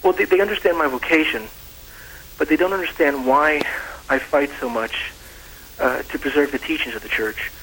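A man's voice: fairly high pitch, moderate pace, fairly bright tone, a little hiss or hum, low-quality recording. A teenage boy calling a talk show, polite and earnest, hesitant with fillers. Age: teens. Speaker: caller. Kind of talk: phone-in question.

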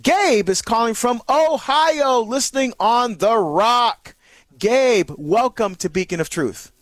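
High-voiced male radio host. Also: lively intonation, slow, no room sound. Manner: warm, affirming, thanks callers at length. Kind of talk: call-in radio show chat.

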